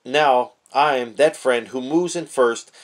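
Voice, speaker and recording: A man preaching casually to camera, fervent, swinging between hushed earnest talk and shouted praise, with street slang. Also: medium pitch, measured pace. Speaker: online preacher.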